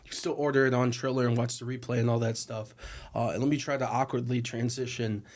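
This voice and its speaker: A man's voice: mid-range voice, level tone, quick pace, a little mellow. A man hosting an interview, asking questions in a loose, self-aware way. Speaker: interview host. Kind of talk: casual interview.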